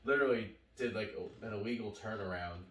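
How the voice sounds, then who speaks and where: Low-voiced man rambling through an anecdote. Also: fairly quick. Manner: relaxed, rambling anecdotes with swearing. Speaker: podcast co-host. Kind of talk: casual chat. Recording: roomy, distant mic.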